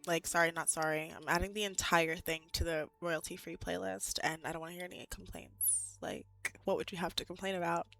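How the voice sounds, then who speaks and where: A young woman in her twenties chatting casually with her live chat as a streamer, animated and full of "like"s and laughs, a bit out of breath. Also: lowish voice, a little fast, vocal fry, few pauses.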